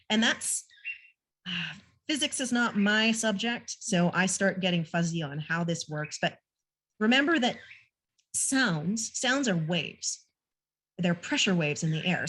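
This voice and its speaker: A woman's voice: on the low side, fairly bright tone, slightly rough. Woman explaining bird sounds casually. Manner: casual, self-deprecating explaining. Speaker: naturalist presenter. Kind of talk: online training talk. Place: home room with a pet bird nearby.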